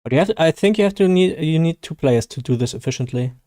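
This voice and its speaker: A man's voice: fairly high pitch, lively intonation, quick pace, dark tone, dry recording, clean studio sound. A man from Germany with a German accent, hosting a casual live gaming stream, hesitant and self-deprecating with many fillers and restarts.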